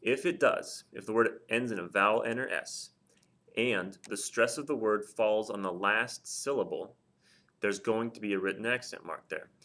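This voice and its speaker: A young man teaching at a board in a casual, explanatory way, often pausing with ums and repeating example words slowly. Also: lowish voice, fairly bright tone. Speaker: Spanish teacher. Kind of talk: classroom-style explanation at a board.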